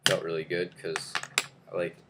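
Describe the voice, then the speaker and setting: A man's voice: low-pitched, completely flat delivery, unhurried, very noisy. A young man telling a story to camera in a casual, rambling way, with many fillers and restarts. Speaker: vlogger.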